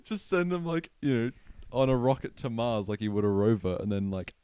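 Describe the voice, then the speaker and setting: A man's voice: medium pitch, expressive, fairly quick, dark tone, smooth, no room sound. A man co-hosting a podcast in casual chat, joking around with goofy tangents and correcting his co-host.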